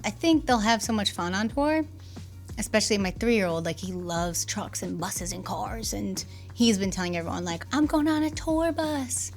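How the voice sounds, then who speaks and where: A woman's voice: mid-range voice, normal speed, faint music behind. Bubbly laughing woman singer, a guest. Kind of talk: casual chat.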